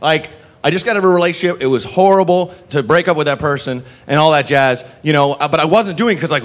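A man's voice: fairly high pitch, lively intonation, fairly quick, a bit bright. A man in his late thirties doing a stand-up comedy set on a club stage, rambling and self-deprecating, packing his talk with "like" and "you know". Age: 30s. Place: comedy club stage before a laughing audience. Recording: noisy live club recording.

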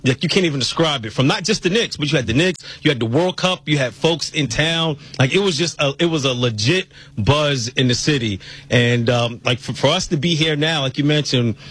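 A man who produces a sports radio show, talking excitedly and rambling. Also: fairly high pitch, fairly quick, breathy edge. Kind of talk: sports talk radio chat.

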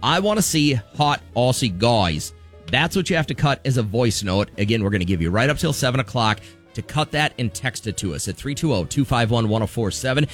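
A man's voice: mid-range voice, lively intonation, a little fast, soft background music. A man co-hosting a morning radio show, explaining contest rules in upbeat banter.

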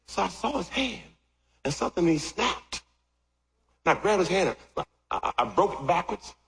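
A middle-aged man preaching a sermon, swinging from loud shouts to quiet asides. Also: moderate pace, gravelly. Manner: animated, jumps from loud shouts to low asides. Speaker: pastor. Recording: echoey hall with long reverb.

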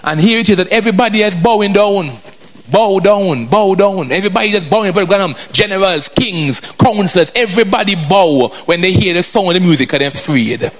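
Brief: male preacher, slightly high voice, emphatic and repetitive, keeps asking the congregation "Hello?". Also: a little fast. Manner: emphatic, repeats phrases, asks the congregation "Hello?"; drifts in and out of a colloquial vernacular. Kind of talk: sermon.

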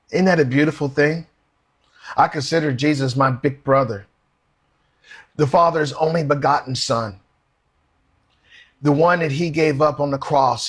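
A man preaching a sermon in an earnest, conversational way, asking the listeners questions and slowing down to read scripture aloud. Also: a little high, a bit bright, husky.

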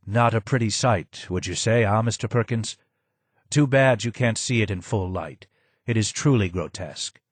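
A man voicing a broken, disfigured former advisor who speaks low, hoarse and slow, sounding more sad than angry. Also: no room sound. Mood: grim.

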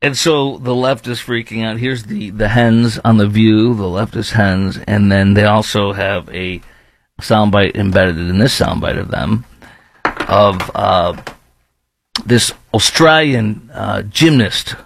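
A man hosting his own podcast, giving animated, mocking commentary and laughing between remarks. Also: lowish voice, takes it slowly, creaky. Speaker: podcast host. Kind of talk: opinionated commentary.

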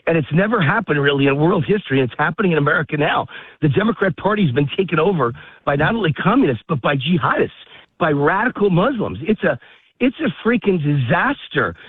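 Brief: higher-pitched, husky man, winded on a walk, fired-up talk-radio guest on a tinny phone line. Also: dry recording. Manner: fast, heated ranting with rising emphasis. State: out of breath, walking a dog. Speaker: guest commentator. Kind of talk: political talk radio interview. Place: outdoors in a park, walking. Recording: phone-line call, dry.

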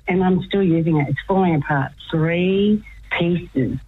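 A woman's voice: on the low side, slow pace, a little mellow, slight background noise. An older woman chatting as a radio guest, telling her story with eagerness and frequent laughter. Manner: enthusiastic storyteller, laughs often. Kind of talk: casual chat on radio. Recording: muffled lo-fi radio sound.

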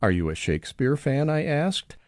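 A man's voice: mid-range voice, normal speed, dry recording, clean studio sound. A retired man in his sixties, hosting a short scripted radio segment, telling wry everyday stories. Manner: wry storytelling with lively intonation.

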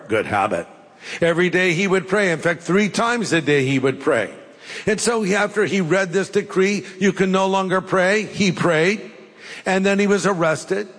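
An older man preaching a sermon, telling folksy stories with jokes and pauses. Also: fairly high pitch. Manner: folksy, jokey storytelling with pauses. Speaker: pastor. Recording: long hall reverb.

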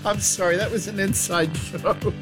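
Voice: mid-range voice, steady tone, normal speed, poor audio. A radio show co-host chatting casually and reading a store promo. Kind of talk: radio chat and promo read. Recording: radio show with music underneath.

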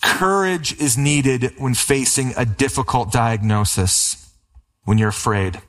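A man preaching a sermon as a pastor, building emphatic runs and slowing on key lines. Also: medium pitch, fairly bright tone.

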